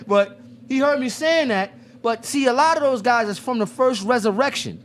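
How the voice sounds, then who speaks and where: A man's voice: very high voice, moderate pace, slight background noise. A man hosting a casual discussion, telling stories with lots of restarts and acting out quoted dialogue. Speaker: podcast host.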